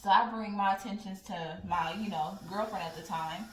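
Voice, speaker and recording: A young woman vlogger telling a casual, profane story in a blunt, animated way. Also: mid-range voice, normal speed, a little hiss or hum. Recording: roomy sound from a distant mic.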